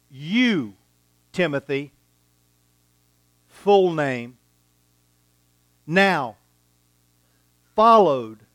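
Male preacher, high smooth voice, emphatic, dry close sound. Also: dry recording. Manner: deliberate, emphatic teaching with repeated phrases. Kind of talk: expository sermon.

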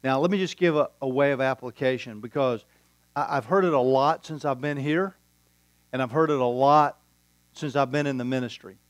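A man preaching a sermon as a pastor, telling a story with quoted dialogue and deliberate pauses. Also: mid-range voice, dry recording.

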